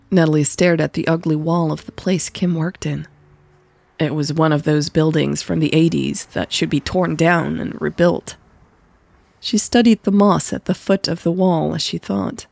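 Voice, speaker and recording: Low, husky woman reading a story. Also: steady tone, moderate pace, a little mellow, no room sound. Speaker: podcast host and author. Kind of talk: scripted narration of a romance story.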